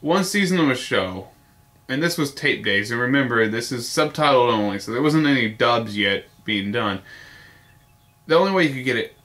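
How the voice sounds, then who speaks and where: A man's voice: mid-range voice, expressive, moderate pace, fairly bright tone. A man talking casually in a video response, rambling with lots of fillers and the occasional swear word. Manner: rambling, nostalgic, with frequent fillers and mild swearing. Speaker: vlogger.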